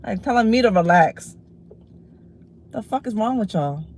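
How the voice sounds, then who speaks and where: A woman's voice: medium pitch, moderate pace, a little hiss or hum. Blunt, profane woman livestreaming over food. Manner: blunt and profane, snapping back at chat; relaxed, chatty when describing food. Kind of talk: casual livestream chat while eating.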